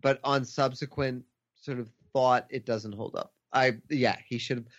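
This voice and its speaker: Talking about a film on a podcast he co-hosts, this man drops dry, sarcastic asides in a casual discussion. He speaks a little slowly at medium pitch with fairly even intonation, on dull lo-fi audio.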